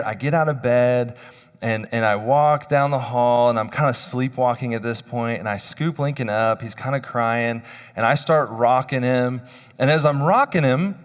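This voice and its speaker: A man in his thirties giving a chapel sermon, telling personal stories in a conversational, self-deprecating way. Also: mid-range voice. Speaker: chapel speaker. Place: university chapel hall. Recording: long hall reverb.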